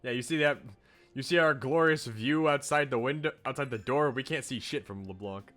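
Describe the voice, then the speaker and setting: Young man, game streamer, casual commentary, gushing, excitable, mid-pitched voice. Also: normal speed, soft background music. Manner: enthusiastic, gushing, laughs a lot.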